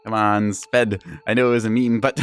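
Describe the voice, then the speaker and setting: A man's voice: lowish voice, little pitch movement, moderate pace, clear, resonant tone. A young adult man giving casual live-stream commentary on a game, chatty and rambling, with frequent laughs and teasing asides.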